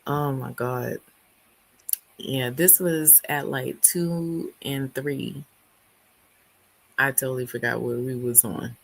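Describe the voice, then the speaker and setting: A woman hosting a book club livestream, her voice hoarse and not fully recovered, talking in an animated, slangy way. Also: rumbling low, slow, long pauses. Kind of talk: casual livestream chat.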